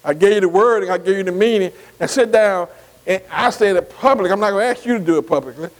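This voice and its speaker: A man's voice: sits high, quick pace, big-room sound, poor audio. A man teaching a Bible study class. He spells Greek words out letter by letter, keeps saying "see" between phrases and keeps asking the class if they follow.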